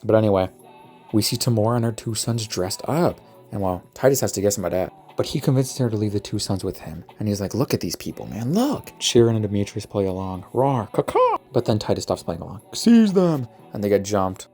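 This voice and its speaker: A man's voice: on the low side, fast, a little mellow, faint music behind. A teenage student giving a jokey, slangy plot summary, constantly quoting characters with "he's like.". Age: teens. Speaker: student presenter. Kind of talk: casual comedic plot summary.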